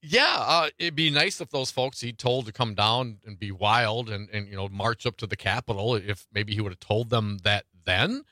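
A man co-hosting a casual political talk show, who talks in an animated, indignant way. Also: lowish voice, moderate pace, few pauses, no echo.

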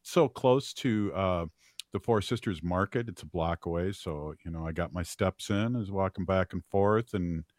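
Male radio host, very low voice, dry studio sound, rambling casual chat. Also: moderate pace, a little mellow, no room sound. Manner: rambling, filler-heavy, laughs easily.

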